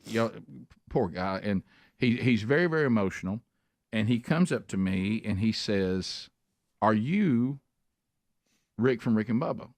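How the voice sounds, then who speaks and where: A man's voice: lowish voice, no room sound. A man hosting a radio talk show, telling stories in a chatty, self-deprecating way with many restarts. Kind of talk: casual radio banter and storytelling.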